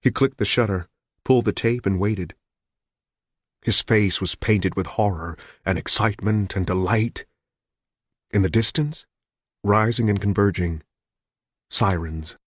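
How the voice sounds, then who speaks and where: Low-voiced male audiobook narrator. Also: measured pace, pauses often, breathy edge, dry recording, clean studio sound. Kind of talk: scripted narration.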